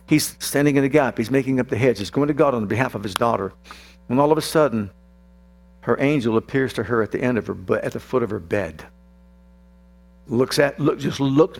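A man preaching a sermon in an earnest voice that rises into fervent prayer. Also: on the high side. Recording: mains hum behind the voice.

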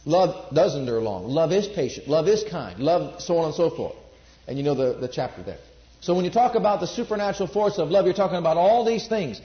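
Emphatic preacher in a roomy hall. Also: male voice, fairly high pitch, lively intonation, brisk. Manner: emphatic, repeats phrases, asks the audience questions. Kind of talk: sermon. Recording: roomy, dull lo-fi sermon recording.

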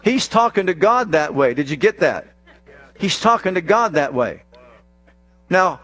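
Slow, emphatic male preacher. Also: lively intonation. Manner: slow, emphatic delivery with dramatic drops to a low hushed voice; reads scripture aloud in a drawn-out, stressed cadence. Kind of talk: sermon. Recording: dry close sound with faint mains hum.

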